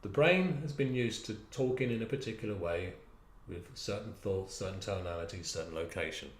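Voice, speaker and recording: A man with a fairly low voice leads a stress management exercise in an echoey room. His instructions are lively and encouraging, with words stretched out long.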